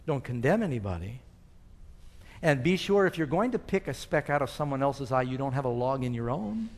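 A man preaching a sermon with emphatic delivery, quoting scripture and asking the congregation questions. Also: on the high side. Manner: emphatic, rising and falling with scripture quotes, asks the audience questions. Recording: long hall reverb.

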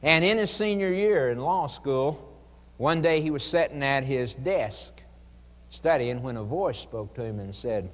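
A man preaching an evangelistic sermon, earnest and pleading, with dramatic pauses. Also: mid-range voice, expressive. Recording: long hall reverb.

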